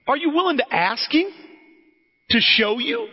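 A pastor with a very high-pitched, husky voice preaches in a church sanctuary at a moderate pace, with big swings in pitch and frequent pauses. His conversational sermon speaks right to the listeners, calling them "guys" and restarting sentences often, all in a dull recording with long hall reverb.

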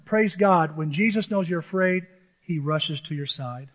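A male pastor preaching a sermon to his church, animated and emotional, often jumping into excited high exclamations. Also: unhurried. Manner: self-described emotional. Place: church sanctuary with a screen. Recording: dull, long hall reverb.

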